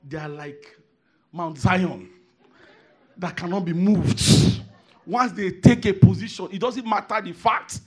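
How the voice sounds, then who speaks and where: A man preaching a sermon, emphatic, repeating phrases and swinging from hushed asides to shouted declarations. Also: high voice, takes it slowly, husky.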